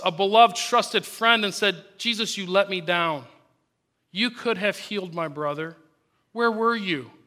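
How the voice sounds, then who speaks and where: A male preacher with a high-pitched voice gives a sermon. He reads scripture passages aloud, then explains them in an earnest way. His tone is bright and clear.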